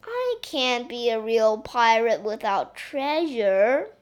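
A woman's voice: a little high, takes it slowly. A woman doing a pouty little pirate princess. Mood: pouty excited. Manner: pouty, loud and excitable. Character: naughty little girl princess playing pirate.

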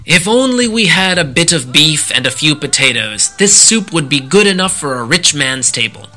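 A man's voice: on the high side, sing-song, moderate pace, pushed and bright, faint music behind, exaggerated voice. A man voicing three hungry, clever soldiers who coax villagers with a persuasive, slightly raised voice. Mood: wistful.

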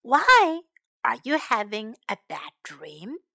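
Lady doing a patient girl voice, coaxing, high and bright, dry sound. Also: huge pitch swings, slow pace, vocal fry, dry recording, heavily acted.

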